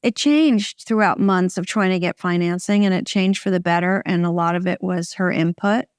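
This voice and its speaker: A middle-aged American woman, a film director, chatting in an interview in a wry, relaxed way with short phrases and restarts. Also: lowish voice, moderate pace, smooth, no echo, clean studio sound. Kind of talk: casual interview conversation.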